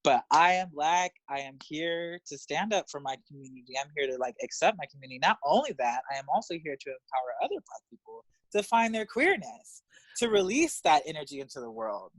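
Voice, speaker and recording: A man in his thirties from Los Angeles, a guest telling candid, profane stories in an interview, animated and laughing often. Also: fairly quick, dry recording. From Los Angeles, USA. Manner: animated, profane, laughs often, jumps up in pitch when excited. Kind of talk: candid storytelling in conversation.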